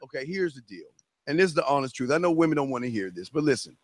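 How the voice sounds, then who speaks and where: A man's voice: medium pitch, sing-song, fast, no echo. A male podcast host lecturing in an opinionated, preachy way, stretching words for emphasis.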